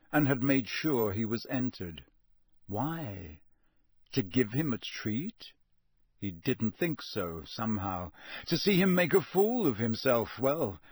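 A man reading an audiobook in a measured, steady storytelling voice. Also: on the low side, husky, dry recording, studio quality. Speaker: narrator. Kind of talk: audiobook narration.

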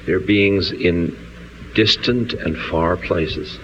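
A man with a very deep voice leads a guided meditation. He speaks in an unhurried, soothing way and stretches his phrases out. The recording is dull and lo-fi, with a faint hiss of ambience behind him. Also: a bit bright. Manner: slow, soothing, drawn-out phrases. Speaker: meditation leader.

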